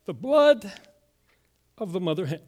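A middle-aged pastor with a fairly high voice delivers a story-driven sermon. He lets key words fall soft and quiet for weight, then lifts again. The delivery is steady and personal. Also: unhurried. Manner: storytelling preacher, drops to a hushed voice on key words.

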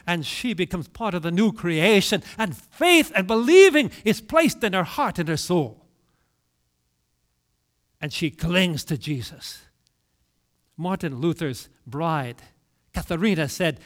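A male preacher with a high, lively pitch delivers a dramatic, story-driven sermon, full of dramatic pauses and swings in loudness.

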